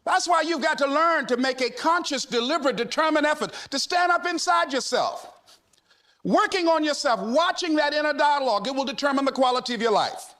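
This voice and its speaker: A man giving a fiery motivational speech, shouting and repeating his points with a preacher's drive. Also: extremely high pitch, brisk. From United States. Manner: fiery, shouting, repetitive exhortation. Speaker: motivational speaker.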